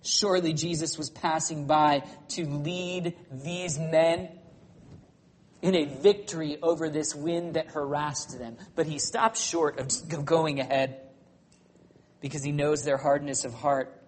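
A pastor preaching a sermon, swinging between loud, high passages and hushed, low ones, and ending by leading a prayer. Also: male voice. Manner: closes by leading a spoken prayer.

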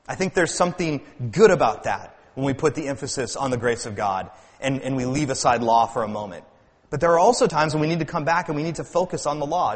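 A man with a slightly raised voice preaches a sermon, pressing his points with swells of emphasis and doubling back on his words. His voice carries a long reverb, as if filling a large church hall. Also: fairly high pitch. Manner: earnest preaching, rising and falling emphasis, repeats words. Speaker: pastor.

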